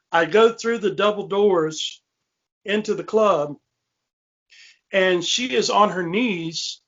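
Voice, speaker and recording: This man's high, fairly bright voice carries a casual ghost story on his podcast, told in a rambling way with lots of fillers and restarts. The recording is lo-fi and muffled.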